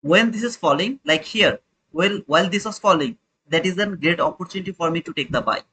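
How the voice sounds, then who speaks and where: A man's voice: high-pitched, animated, fairly quick, sharp tone, husky, rough recording. A young man hosting a live trading stream, talking informally to his chat and repeating his points. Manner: informal, repetitive, talks to chat viewers. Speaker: trading livestream host.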